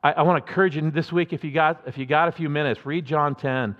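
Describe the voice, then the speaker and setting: Conversational preacher in a reverberant hall. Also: male voice, fairly high pitch, fairly even intonation, quick pace, muffled recording. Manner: conversational, emphatic, with many restarts. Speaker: pastor. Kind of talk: sermon.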